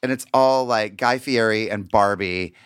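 A man's voice: lowish voice, measured pace, a bit bright, smooth, no room sound, clean studio sound. A man on a comedy podcast as a guest, ranting in a rambling, exasperated way with many false starts. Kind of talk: casual comedic chat.

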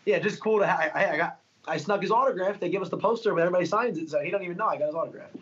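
A young man rattles through his stories at a quick clip, full of fillers and restarts. He speaks in a casual interview tone, and the sound is a little dull and lo-fi. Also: high-pitched, a bit bright. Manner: fast, rambling storytelling with many fillers. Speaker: fighter being interviewed.

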